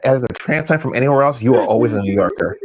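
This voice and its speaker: A man's voice: mid-range voice, animated, quick pace, a loud crowd. A man co-hosting a talk show, chatting casually and agreeably. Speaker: co-host. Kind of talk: casual chat.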